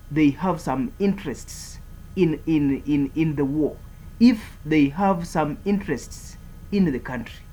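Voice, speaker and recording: A man's voice: fairly high pitch, dark tone, a little hiss or hum, rough recording. A man giving a political commentary monologue, speaking in an emphatic, repetitive way as he declares and warns.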